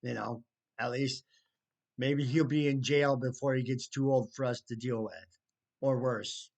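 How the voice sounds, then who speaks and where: A man telling a personal story in a casual, indignant way, with sarcastic asides and halting restarts. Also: medium pitch, steady tone, a little mellow. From United States. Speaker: storyteller recounting trouble with neighbors. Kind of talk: casual spoken storytelling to camera.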